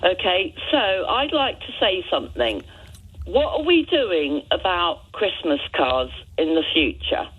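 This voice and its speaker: A woman calling in to a radio show, chatty and friendly, her husky voice moving lively up and down. She comes through a muffled, dull phone line. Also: fairly low pitch, a little slow. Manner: chatty, friendly, spelling things out. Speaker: caller. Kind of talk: phone-in call.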